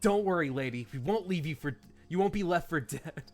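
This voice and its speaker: A man voicing an overdramatic male horror-game hero in a loud, hammy, high-pitched way. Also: expressive, brisk, soft background music, close to an everyday voice.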